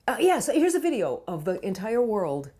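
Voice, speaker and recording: A woman's voice: medium pitch, big pitch swings, normal speed, warm tone. A woman hosting a comedy talk show, delivering a playful, self-mocking monologue full of asides.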